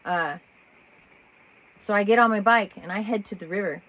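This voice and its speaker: A woman telling a personal story in a rambling, animated way, often breaking off and restarting. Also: mid-range voice, a little slow, a little hiss or hum, poor audio. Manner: rambling, animated, self-interrupting with laughs. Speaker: vlogger.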